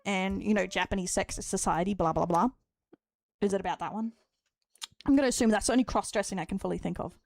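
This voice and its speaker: A woman's voice: mid-range voice, fast, gravelly, no room sound. A woman from Australia with an Australian accent chats casually as a streamer. She rambles, laughs often and swears now and then. Her voice is recorded close and dry. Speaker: streamer reacting to a clip. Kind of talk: casual chat.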